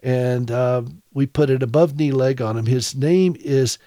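A man's voice: medium pitch, normal speed, mellow, no room sound, clean studio sound. A middle-aged man hosting a radio show, telling stories in a folksy, chuckling way. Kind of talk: casual monologue, storytelling.

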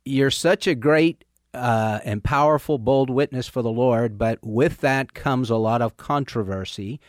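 Man, radio pastor host, halting chatty interview, dry close sound. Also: medium pitch, no room sound. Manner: warm, halting, many fillers. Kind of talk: casual interview chat.

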